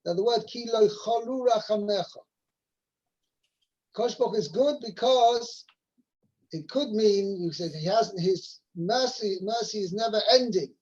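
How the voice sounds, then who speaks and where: A man teaching a weekly Torah portion over a video call, halting with fillers and restarts as he quotes Hebrew verses. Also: high-pitched, darkish tone, husky. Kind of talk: explaining a weekly Torah text. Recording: muffled video call audio.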